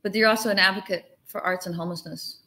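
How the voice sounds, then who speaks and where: A woman's voice: medium pitch, steady tone, fast, pushed and bright. American female host, chatty, enthusiastic, live video call interview. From United States.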